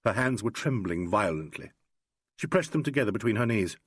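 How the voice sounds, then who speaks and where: A man narrating an audiobook in a measured, expressive storytelling manner. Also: on the low side, slightly rough, no echo, studio quality. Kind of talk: scripted narration.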